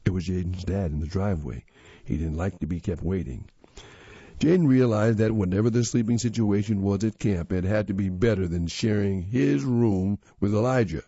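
A man narrating a children's story in a steady, expressive reading voice. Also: lowish voice, moderate pace, husky, no room sound. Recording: slightly dull lo-fi audio.

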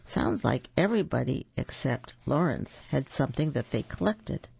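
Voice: medium pitch, very animated, moderate pace, gravelly, a little mellow, slightly rough, no room sound. A storyteller reading a picture book aloud with chatty asides to young listeners, in a dull, dry lo-fi recording.

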